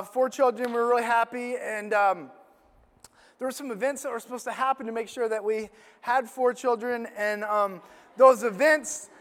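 A middle-aged man preaching a sermon as a personal story, animated and self-deprecating. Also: very high voice. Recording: long hall reverb.

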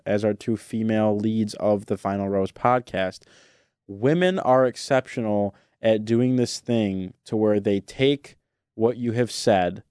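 Smooth-voiced opinionated man on a podcast. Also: on the low side, darkish tone, dry recording, clean studio sound. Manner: opinionated, laughs often, drawn-out asides. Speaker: podcast co-host. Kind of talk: casual chat giving opinions.

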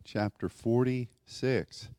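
A man pastor giving a sermon, talking in a slow, conversational way with many fillers and rising now and then into emphatic declarations. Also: medium pitch, steady tone, background noise.

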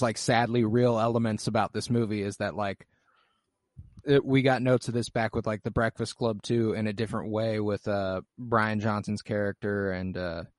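A man's voice: fairly low pitch, dry recording. A young man co-hosting a casual movie-review chat, rambling and swearing easily, with lots of fillers. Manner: relaxed, rambling, profane, filler-heavy. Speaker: podcast co-host.

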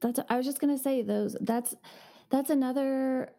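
A woman's voice: high-pitched, fairly even intonation, normal speed, gravelly, warm tone. A woman co-hosting a podcast, giving earnest, reassuring parenting advice in casual conversation.

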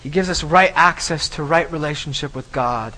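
Man, pastor, sermon, emphatic, repeats phrases, higher pitch. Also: moderate pace, pushed and bright, low-quality recording.

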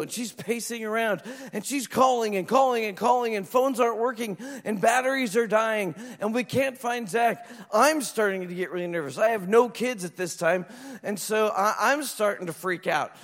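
Pastor, male, high voice, lively storytelling sermon, long hall reverb. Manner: animated storytelling, acts out voices.

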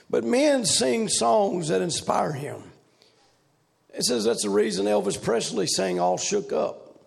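A man preaching a revival sermon in a loud, rhythmic, shouting preaching cadence. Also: high-pitched, creaky.

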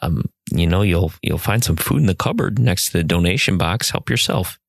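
A man voicing a calm, kindly old male abbot who speaks gently and without hurry. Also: sits low, creaky, husky, dry recording, studio quality, exaggerated voice. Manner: gentle and unhurried.

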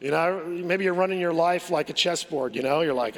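A man preaching a sermon as pastor, pressing forceful rhetorical questions and often repeating words as he builds a point. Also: on the high side, brisk, few pauses, long reverb tail.

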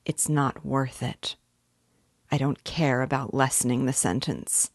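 A woman's voice: a bass voice, fairly even intonation, a little slow, no room sound, clean studio sound, exaggerated voice. A woman reading the lines of a bitter young man, scornful and weary in manner. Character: bitter young male former student, contemptuous.

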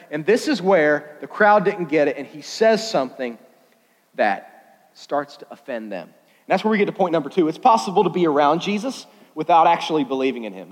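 A man preaching a sermon in a casual, jokey, animated way, often laughing at his own asides. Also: on the high side. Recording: long hall reverb.

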